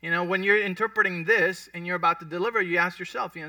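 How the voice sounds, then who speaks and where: A man preaches in an easy, conversational way and keeps checking in with his listeners. His voice is high and very bright. The sound is dry and picked up from a distance. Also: fairly even intonation, fast, no room sound. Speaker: pastor. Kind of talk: sermon teaching.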